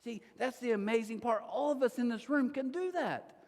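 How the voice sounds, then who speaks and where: A middle-aged man preaching a sermon, telling stories from his own life in an animated way with sudden jumps in pitch. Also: normal speed. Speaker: pastor. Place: large church hall. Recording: long hall reverb.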